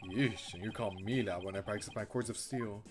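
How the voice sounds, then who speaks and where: A man's voice: fairly low pitch, fairly quick, soft background music, voice pushed down, lightly acted. Man reading a blunt young woman lawyer. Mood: teasing.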